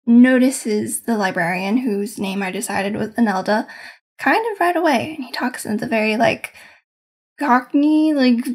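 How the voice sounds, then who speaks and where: A woman's voice: fairly high pitch, measured pace, slightly rough. Rambling woman recapping her game. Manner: meandering, hedging, searching for words. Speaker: game master. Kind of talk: casual storytelling recap of a tabletop session.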